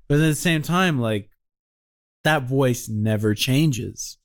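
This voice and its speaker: A man's voice: mid-range voice, slow. A male podcast co-host talking in long, opinionated runs and swearing freely in casual chat.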